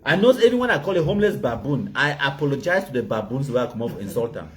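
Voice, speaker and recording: This man from Cameroon speaks in a fast, sing-song, medium-pitched voice with a Cameroonian Pidgin English accent. Hosting a casual chat, he brags and teases, cracking himself up with his own jokes.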